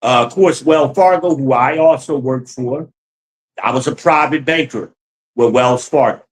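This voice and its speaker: Casual livestream host, a man. Loose, profane and animated, mid-pitched voice. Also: unhurried, slight background noise, rough recording. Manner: profane, animated, laughs often, talks to chat as y'all. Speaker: livestream host reading chat.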